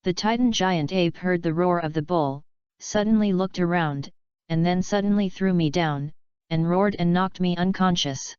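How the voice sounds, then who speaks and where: Cheerful young girl student, read by a woman, breezy, low-ish voice, dry sound. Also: normal speed, a little mellow, clear, resonant tone, dry recording, lightly acted. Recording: dull lo-fi recording.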